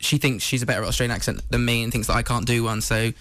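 Brief: male morning-radio presenter, rapid and brisk, mid-pitched. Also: steady tone, fairly bright tone, no room sound, faint music behind. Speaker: radio host.

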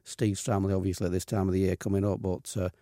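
A man co-hosting a radio rugby league show, talking casually in a halting way with many pauses and fillers. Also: sits low, little pitch movement, mellow, no room sound, studio quality. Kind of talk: casual radio sports chat. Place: radio studio.

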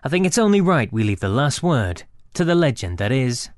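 A man's voice: medium pitch, sing-song, a little fast, dry recording. A man hosting a radio podcast, presenting links and teasing his co-host in upbeat studio banter.

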